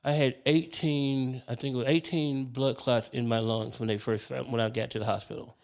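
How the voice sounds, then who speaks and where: Animated, profane male comedian telling stories. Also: mid-range voice, moderate pace. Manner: animated, profane, self-deprecating. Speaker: comedian guest. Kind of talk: casual podcast storytelling.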